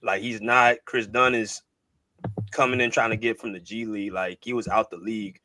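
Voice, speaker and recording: A man's voice: fairly low pitch, fairly even intonation, moderate pace, bright, forceful tone, a little hiss or hum. A man hosting a live basketball podcast, laid-back and slangy, speaking to viewers in the chat. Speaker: podcast host. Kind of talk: casual sports chat.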